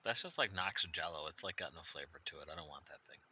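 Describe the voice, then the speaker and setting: A man's voice: deep voice, animated, fast talker, bright, forceful tone, slightly rough. A man playing a tabletop game, joking and thinking aloud over his moves. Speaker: player. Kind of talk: casual tabletop play.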